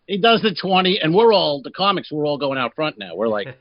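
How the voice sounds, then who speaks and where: A man's voice: fairly high pitch, big pitch swings, brisk, a crowd in the background. A man co-hosting a comedy podcast, telling a rambling story and acting out the people in it. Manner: rambling storyteller, acts out quotes. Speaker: podcast co-host. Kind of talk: casual comedy podcast chat. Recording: dull, dry lo-fi sound.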